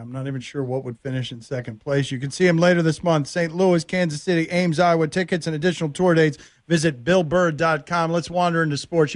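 A male radio host interviewing a guest in a relaxed, conversational way. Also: fairly high pitch, no echo. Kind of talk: casual interview.

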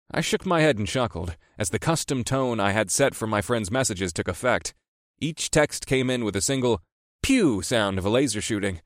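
A man's voice: on the low side, dry recording, clean studio sound. A man narrating a first-person audiobook in a wry, easygoing storytelling manner.

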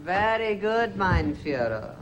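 An actor playing a servile male henchman, flattering his leader in a put-on German accent in a sketch comedy clip. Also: high voice, slow pace, a little hiss or hum, heavily acted. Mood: fawning. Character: fawning male henchman to a dictator.

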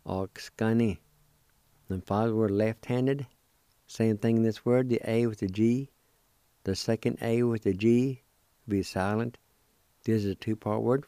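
Man, Cherokee accent, radio language teacher; low mellow voice, very slow and deliberate, dry close sound. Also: no room sound. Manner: slow, deliberate, drawn-out syllables. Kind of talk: spelling and pronouncing words.

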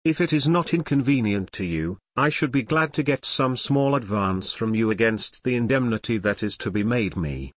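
A man's voice: medium pitch, expressive, moderate pace, hardly any pauses, dry recording, lightly acted. A man reading the lines of an aging prince who is distressed, then grateful, in a formal reading voice.

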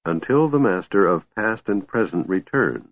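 A man reading the lines of a young elven woman who murmurs softly and keeps herself restrained. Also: fairly low pitch, animated, normal speed. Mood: soft, troubled. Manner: soft murmuring delivery. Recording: narrow phone-like audio, dry.

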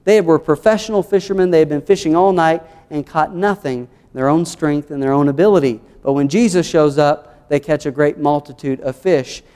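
A man's voice: a little high, a little fast, hardly any pauses, darkish tone, clean tone, big-room sound. A man with a Southern American accent, an earnest pastor preaching a sermon through numbered points and scripture. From United States.

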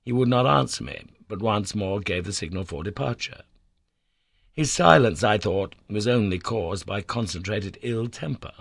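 A man reading a classic adventure novel aloud as an audiobook narrator, measured and storytelling, lifting his voice for emphasis. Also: gravelly, breathy edge, no room sound. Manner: measured storytelling, lifts pitch and volume for emphasis.

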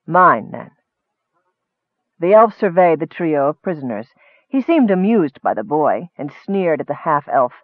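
A man reading a fantasy novel aloud in steady, measured narration. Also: a little high, no echo. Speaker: audiobook narrator. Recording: thin phone-like dry sound.

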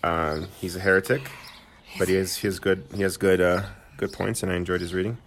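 Deep-voiced man chatting casually. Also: little pitch movement, fast talker, a little hiss or hum. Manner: rambling, hesitant, dry sarcasm. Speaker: podcast co-host. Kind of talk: casual chat.

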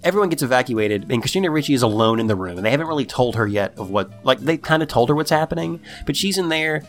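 A podcast host recaps a TV episode in casual chat, his voice lively and bouncing as he talks fast. He acts out the characters while he tells it, pitching his voice way up for them, with faint music playing underneath.

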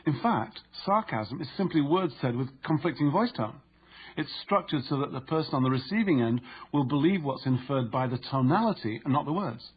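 A man narrating an instructive audiobook in a steady, explanatory way. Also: mid-range voice, moderate pace, breathy edge, lo-fi sound.

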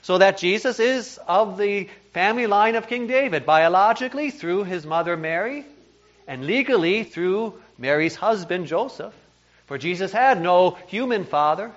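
A man with a fairly high voice preaches a sermon, earnest and emphatic, now and then stumbling over a repeated word. The recording is dull and lo-fi, made in a church. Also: animated, normal speed. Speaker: pastor.

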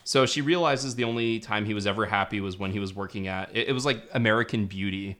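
Laid-back low-voiced man on a film podcast. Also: quick pace, fairly bright tone. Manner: laid-back, chuckling, talks through his points with restarts. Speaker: podcast co-host. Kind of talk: casual film review chat.

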